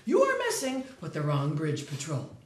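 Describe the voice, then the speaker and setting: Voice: medium pitch, huge pitch swings, normal speed. A performer playing an exasperated, sarcastic bridge patrol officer who sighs and rants. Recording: echoey room.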